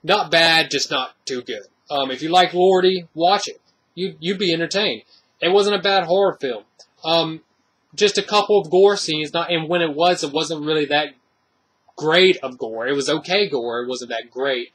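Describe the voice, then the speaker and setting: A man with a somewhat high, bright, forceful voice talks through a horror movie review in loose, casual speech. He rambles, circles back and leans on filler words. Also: moderate pace, breathy edge. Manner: rambling, many fillers and restarts.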